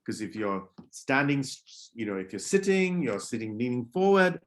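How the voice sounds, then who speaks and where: A man leading an online public speaking workshop for children over a video call, acting out greetings to show different moods and gently scolding kids who disrupt. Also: mid-range voice, big pitch swings, moderate pace, few pauses. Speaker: workshop presenter.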